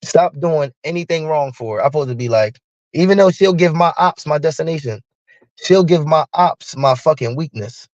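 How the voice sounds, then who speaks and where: A man's voice: on the high side, moderate pace, no echo, muffled recording. A man ranting in a profane, heated monologue, acting out both sides of an argument with a partner. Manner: profane, heated, animated storytelling. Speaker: live streamer.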